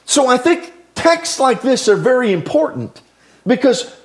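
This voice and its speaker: A male pastor with a high voice preaches a sermon. He tells stories in a lively way, with his pitch leaping up and down and his volume swinging between loud and hushed. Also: unhurried.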